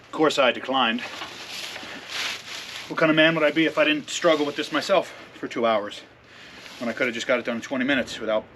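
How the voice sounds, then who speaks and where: A man's voice: medium pitch, a little fast, long pauses, sharp tone, a little hiss or hum. A man in his thirties hosting a casual garage vlog, joking at his own expense as he rambles, a little out of breath. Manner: joking, self-mocking, rambling. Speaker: channel host. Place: home garage and shed.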